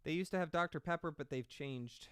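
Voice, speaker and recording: A man's voice: a little high, a little fast, fairly bright tone, smooth, dry recording, studio quality. A man doing casual reaction commentary, rambling and sarcastic with lots of swearing.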